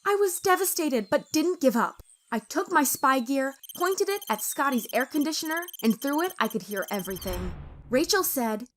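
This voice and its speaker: A woman narrating a first-person story in a dramatic, expressive way. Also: sits high, moderate pace, slight background noise.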